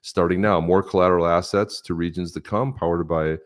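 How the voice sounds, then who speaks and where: A man's voice: sits low, brisk. A man hosting a casual podcast, joking and reading viewer comments aloud. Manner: jokey, animated, reads comments aloud. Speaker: podcast host.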